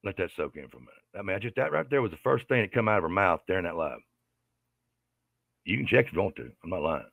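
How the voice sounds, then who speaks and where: Angry guy ranting and cussing, real low gravelly voice, dry close sound. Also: big pitch swings, quick pace, fairly bright tone, no room sound. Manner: aggravated, profane, repetitive. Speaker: livestreamer. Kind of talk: angry commentary rant.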